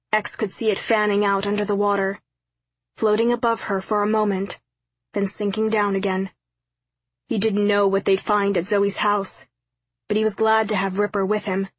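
A woman narrating an audiobook in a steady, measured reading. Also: medium pitch, dry recording, low-quality recording. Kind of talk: scripted narration.

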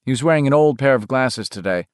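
A man narrating a novel in a measured, expressive reading. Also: medium pitch, smooth, no echo, clean studio sound. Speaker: audiobook narrator.

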